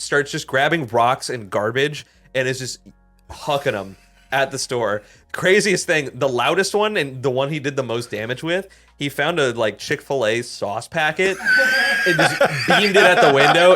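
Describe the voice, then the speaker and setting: A man, a podcast co-host, telling a story in casual, animated chat, full of swearing and fillers. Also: mid-range voice, unhurried. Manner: animated, swears a lot, heavy use of "like".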